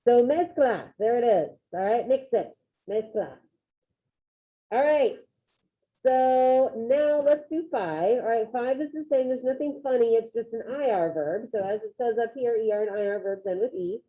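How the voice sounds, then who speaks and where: A woman's voice: a little high, animated, unhurried. A woman teaching a Spanish class over a video call, upbeat and encouraging as she calls on students by name. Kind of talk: online classroom lesson. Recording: tinny phone-like video call audio.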